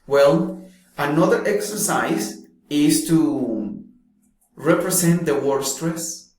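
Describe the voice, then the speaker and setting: A man teaching pronunciation in a slow, deliberate way, pausing often between phrases. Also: a little high, a little mellow. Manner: slow, deliberate, drawn-out speech with long pauses. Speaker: English teacher. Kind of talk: slow explanatory lesson. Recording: very echoey room.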